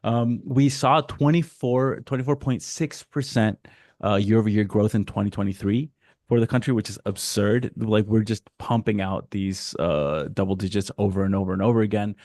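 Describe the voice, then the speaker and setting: A man from Mexico giving a casual, animated webinar presentation over a video call, slipping into quick voices for customers. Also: fairly low pitch, dry recording, studio quality. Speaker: guest speaker.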